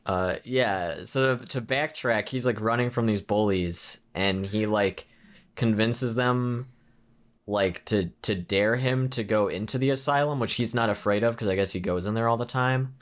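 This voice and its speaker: Low-voiced man recapping a movie. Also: moderate pace. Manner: rambling recap full of "like" and restarts. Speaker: podcast co-host. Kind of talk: casual movie review chat.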